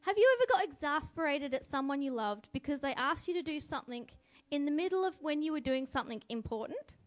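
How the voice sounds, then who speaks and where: A woman delivers a reflective spoken devotional, musing aloud and putting questions to the listener, and her voice turns lively when she quotes. She talks fast, and her voice sits high.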